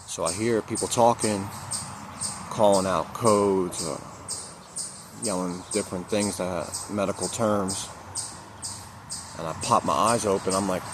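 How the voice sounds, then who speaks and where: Man, low voice, candid, emphatic, repeats himself, crickets and hiss behind. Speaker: recovery vlogger. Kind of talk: personal storytelling to camera.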